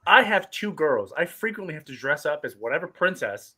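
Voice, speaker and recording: A man with a fairly high, bright voice that has a husky edge. He talks in a relaxed way and laughs easily. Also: a little fast. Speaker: guest.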